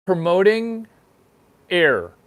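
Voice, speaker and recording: A man's voice: sits high, big pitch swings, very slow, fairly bright tone. A man hosting his own show, delivering a crude, rambling comedic monologue that repeats itself. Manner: crude, provocative, repeats himself. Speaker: host. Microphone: single microphone, no sound effects.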